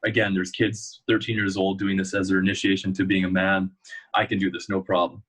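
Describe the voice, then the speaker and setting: A young man with a low, husky voice talks in a loose, rambling way. He tells long stories and fills them with "like" and "uh". It sounds like a relaxed, casual interview. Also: a little fast, poor audio. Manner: storytelling, loose and rambling with many fillers. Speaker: guest.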